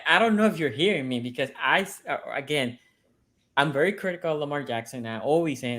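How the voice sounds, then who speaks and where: A man's voice: fairly high pitch, a bit bright. A man on a sports podcast debating his team's game, stressing points by repeating them. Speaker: sports podcast panelist, team fan.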